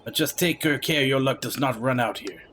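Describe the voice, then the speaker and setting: A man's voice: medium pitch, normal speed, fairly bright tone, a little hiss or hum, lightly acted. A man doing a sneering French knight. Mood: scornful. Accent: put-on French. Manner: scornful, sneering. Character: boastful male knight, mocking and rude.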